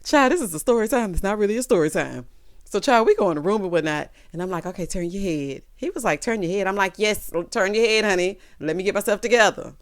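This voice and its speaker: A woman talks her way through a TV episode recap, sassy and dramatic, and keeps calling her listeners child, honey and baby. Her pitch leaps and dips all over the place. She slips into the characters' lines as she goes. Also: expressive, fast talker. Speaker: TV recap vlogger.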